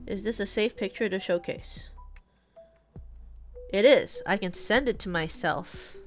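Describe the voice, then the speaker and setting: Unhurried and mid-pitched, a young West Coast American woman streaming as a VTuber makes casual, rambling conversation over faint music, her speech full of fillers and false starts.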